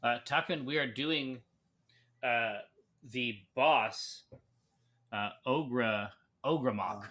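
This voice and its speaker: A man's voice: mid-range voice, takes it slowly, pauses often, bright, forceful tone. A man co-hosting a live brewing stream, chatting casually with many fillers and restarts. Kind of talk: casual chat while reading viewer comments.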